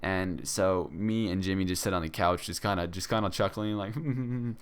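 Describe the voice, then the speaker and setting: A man's voice: deep voice, normal speed, clean tone. A young man telling a casual story to his channel, rambling with many fillers and restarts. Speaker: vlogger.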